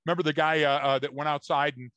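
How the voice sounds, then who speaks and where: Bright, emphatic man on a podcast. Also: on the high side, steady tone, quick pace, dry recording. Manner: emphatic, storytelling, repeats words. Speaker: podcast co-host. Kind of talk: casual podcast chat.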